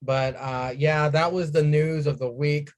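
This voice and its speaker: A man co-hosting a casual wrestling podcast, swearing freely and acting out his own excited reactions. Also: a little high, a little slow. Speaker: podcast co-host.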